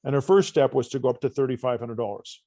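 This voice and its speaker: A man, a coach guest on a podcast interview, telling stories with lively, acted-out dialogue in a casual conversational way. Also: mid-range voice, fast talker, no echo. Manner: animated storyteller, acts out dialogue.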